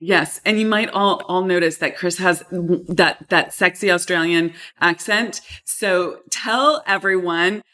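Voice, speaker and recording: A woman's voice: fairly low pitch, slow pace, hardly any pauses, sharp tone. A woman hosting a podcast interview, introducing her guest in an enthusiastic, emphatic way. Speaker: podcast host.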